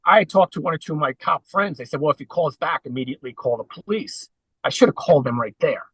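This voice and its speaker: Man, podcast guest, earnest storyteller, forceful fairly high voice, dry close sound. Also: expressive, fast talker, breathy edge, dry recording, low-quality recording. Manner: earnest, recounting at length. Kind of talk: conversational interview.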